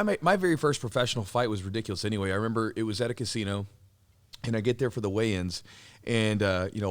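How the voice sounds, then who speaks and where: A man hosting a podcast, telling stories casually with lots of fillers, restarts and laughter. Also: fairly low pitch. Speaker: podcast host, former fighter. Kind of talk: casual storytelling chat.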